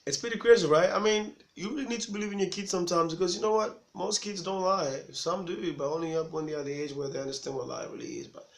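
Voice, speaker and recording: Animated African storyteller with a gravelly voice. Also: male voice, high voice, quick pace, hardly any pauses. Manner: animated, chatty, laughs at his own jokes. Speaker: stand-up comedian. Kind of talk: stand-up storytelling. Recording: roomy echo with faint ambience.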